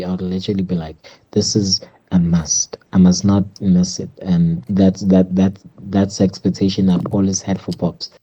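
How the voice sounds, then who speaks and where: South African male fan, low mellow voice, earnest and halting, lo-fi voice-note sound. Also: husky. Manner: earnest, halting with repeated restarts. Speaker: listener sending a voice note. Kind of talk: recorded voice note. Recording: dull lo-fi voice note.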